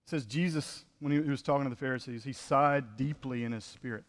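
A man's voice: mid-range voice, fast talker, big-room sound. A man preaching a conversational sermon as pastor, full of rhetorical questions.

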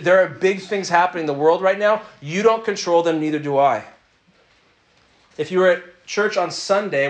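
A man preaching a conversational sermon, joking and asking the audience to raise their hands. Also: a little high. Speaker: pastor.

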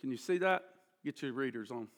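A middle-aged male pastor preaching a sermon, swinging between loud emphatic passages and hushed near-whispers, drawing out key words for weight. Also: mid-range voice, animated, a little fast.

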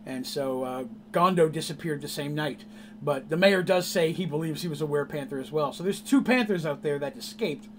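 Game master guy retelling his session, chatty and rambling, kinda high voice, faint hum behind. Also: brisk. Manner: animated, rambling, laughs at his own story. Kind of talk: casual storytelling recap of a tabletop game.

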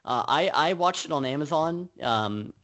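Man, film podcast co-host, hesitant, restarts, lively pitch. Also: moderate pace. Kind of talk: casual film review chat.

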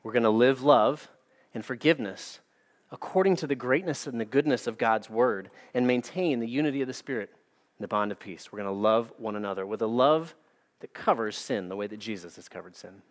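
A man's voice: mid-range voice, a little fast. A male pastor preaching a sermon in an earnest, emphatic way, with practical asides and storytelling.

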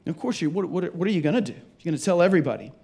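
High-voiced pastor preaching casually. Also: male voice, expressive, very fast, creaky, darkish tone, husky. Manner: casual and rambling, with frequent restarts and repeated words. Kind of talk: conversational Easter sermon. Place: church sanctuary.

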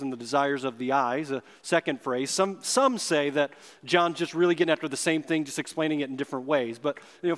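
A man preaching a sermon as pastor, earnest and emphatic, slowing down to stress key words. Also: a little high, fairly bright tone. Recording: long hall reverb.

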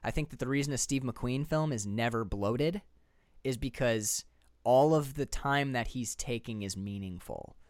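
Man, podcast co-host, enthusiastic rambling film talk, clear resonant voice, dry close sound. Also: medium pitch, moderate pace, a little mellow, no echo. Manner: enthusiastic, rambling, laughs often. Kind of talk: casual movie chat.

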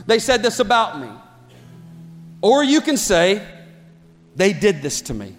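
A man preaching a sermon as pastor, impassioned and building to shouts. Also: high-pitched, big pitch swings, measured pace. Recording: long hall reverb with faint music.

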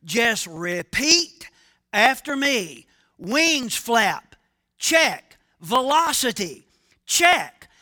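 A preacher acting out a calm male air traffic controller who gives slow, measured checklist calls in a high, bright voice. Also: no echo, clean studio sound, heavily acted. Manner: steady, repetitive instructions.

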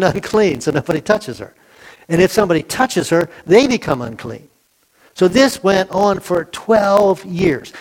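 Heard on a low-quality recording, this slightly high-pitched man preaches in a chatty style. He quizzes his congregation and performs the voices of the story's characters.

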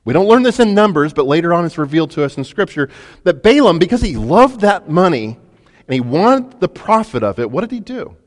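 A man preaching a sermon, retelling a story with lively, dramatic delivery and frequent restarts. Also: high voice, brisk, long reverb tail. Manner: storytelling, animated, acts out quotes. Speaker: pastor.

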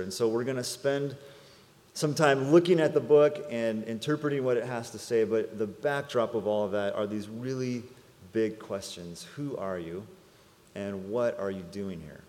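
Brief: male preacher, easygoing sermon delivery, middle pitch, long church reverb. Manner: relaxed, conversational preaching. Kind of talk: sermon with storytelling and prayer. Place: church sanctuary.

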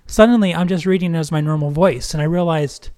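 Earnest man with a slightly high voice. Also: a little fast, a little mellow. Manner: earnest and reflective. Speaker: podcast co-host. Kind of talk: casual podcast chat.

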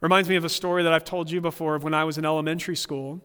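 Man pastor with a high voice, preaching earnestly and telling funny personal stories; long hall reverb. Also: flat delivery, rapid-fire, a bit bright, smooth. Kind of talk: sermon.

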